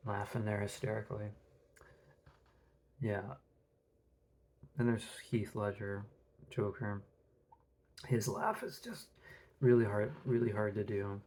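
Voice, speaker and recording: A man's voice: medium pitch, fairly even intonation, a little slow, long pauses, darkish tone. A man hosting his podcast in a casual, rambling monologue with frequent restarts. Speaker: podcast host.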